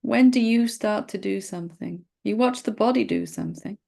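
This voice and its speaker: A middle-aged woman leading a satsang dialogue as a spiritual teacher, speaking gently and playfully, sometimes teasing. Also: medium pitch, moderate pace, creaky.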